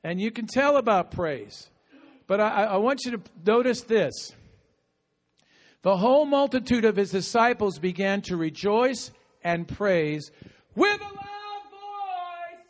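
Male preacher with a high voice, lively and chatty, coaxing the crowd to answer back. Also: unhurried. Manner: animated, talkative, with bursts of laughter and call-and-response. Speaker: pastor. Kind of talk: sermon. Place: outdoor gathering with insects audible. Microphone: no microphone at times.

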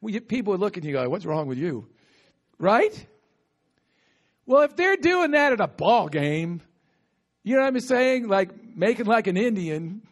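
A man preaching a sermon in an animated, talkative way, calling on the congregation to respond. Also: sits high, moderate pace. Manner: animated, talkative, with bursts of laughter and call-and-response. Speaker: pastor. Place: outdoor gathering with insects audible. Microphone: no microphone at times.

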